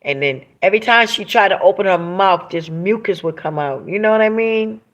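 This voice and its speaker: The recording is muffled as a woman of medium pitch, talking a little fast, runs an emotional livestream monologue. She reads viewers' comments aloud and preaches emphatically, repeating phrases to stress them.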